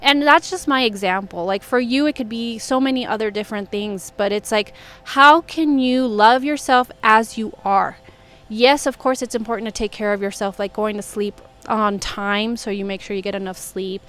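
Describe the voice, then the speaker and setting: A woman's voice: mid-range voice, moderate pace, a bit bright, smooth. A young adult woman talking earnestly and casually to camera about self-love, with many "like" fillers. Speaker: self-help vlogger. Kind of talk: casual reflective monologue.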